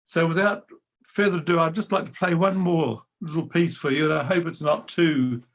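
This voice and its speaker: Older male storyteller, slightly high and gravelly, lively and anecdotal, on a video call. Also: normal speed. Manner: lively anecdotes, acting out quoted voices. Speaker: retired choir director, guest speaker. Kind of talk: storytelling talk.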